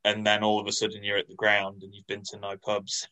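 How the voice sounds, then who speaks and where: A man co-hosting a podcast in casual chat, measured and dryly teasing. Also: on the low side, completely flat delivery, sharp tone, low-quality recording. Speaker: podcast co-host.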